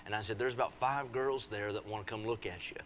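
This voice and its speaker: A man preaching a revival sermon, teasing the congregation in a folksy way before building into forceful preaching. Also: lowish voice, fairly even intonation, fast talker, a little hiss or hum. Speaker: visiting preacher. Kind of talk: revival sermon with joking asides. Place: church service.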